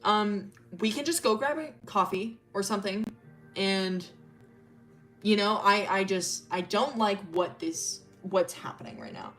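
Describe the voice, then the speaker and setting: A woman's voice: medium pitch, measured pace, a bit bright, soft background music. A woman voicing a blunt, pushy young woman who swears and presses her friend for answers. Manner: brash and swearing.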